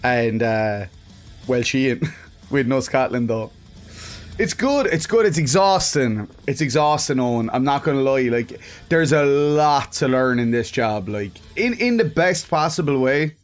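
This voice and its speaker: A man's voice: mid-range voice, expressive, measured pace, soft background music. Chatty Irish man streaming a game. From Ireland. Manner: chatty, laughs often, swears freely, greets viewers by name. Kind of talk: casual live-stream chat.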